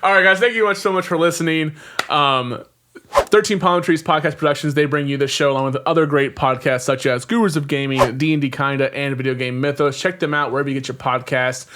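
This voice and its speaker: A man's voice: on the high side, steady tone, a little fast, background noise. A man hosting a podcast in casual chat, laid-back, often laughing and sighing. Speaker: podcast host.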